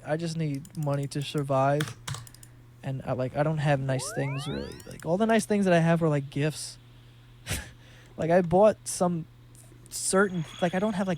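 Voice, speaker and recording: Young guy rambling on his podcast, swears a lot, voice sits a bit high, faint keyboard clicks behind. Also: darkish tone, a little hiss or hum. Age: 20s. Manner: rambling, profane, loose and candid. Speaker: podcast host. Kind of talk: casual solo podcast ramble.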